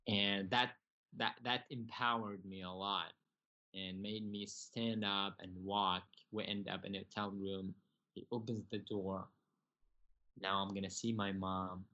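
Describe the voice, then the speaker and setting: A young man from Syria, telling his personal story as a podcast guest in earnest, halting, broken English. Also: deep voice, level tone, bright, forceful tone, lo-fi sound.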